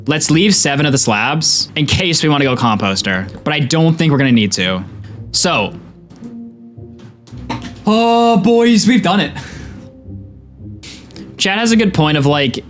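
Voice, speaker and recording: Excitable young man streaming gameplay. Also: on the high side. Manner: excitable, talks to chat, swings between tense pleading and loud cheering. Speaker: gaming streamer. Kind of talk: live gameplay commentary.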